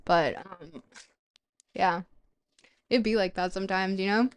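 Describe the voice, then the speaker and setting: Woman, first language French, reading aloud, stumbling restarts, mid pitch, casual. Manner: halting reading with restarts and pronunciation checks. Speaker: streamer reading a book aloud. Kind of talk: live-streamed philosophy reading with chat asides.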